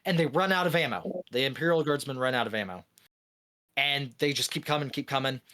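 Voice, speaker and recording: A man co-hosting a gaming podcast, telling a long joke with lively energy, swearing freely and laughing often. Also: mid-range voice, brisk. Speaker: podcast co-host. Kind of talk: casual podcast chat.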